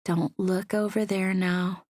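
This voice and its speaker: A playful young barmaid, voiced by a woman narrator, teasing and quick. Her voice sits a touch above the narrator's own. The recording is dry and close. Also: medium pitch, flat delivery, a little mellow, no echo. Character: teasing young woman working behind a bar.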